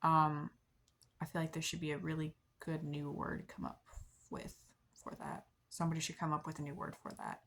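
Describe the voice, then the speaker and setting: A young woman talks casually into her camera, rambling along with lots of likes and ums. She laughs softly at herself now and then, and her voice sits a little low for a woman. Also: flat delivery, moderate pace, creaky. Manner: rambling, many likes and ums, soft self-deprecating laughs. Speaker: vlogger. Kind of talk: casual confessional chat to camera.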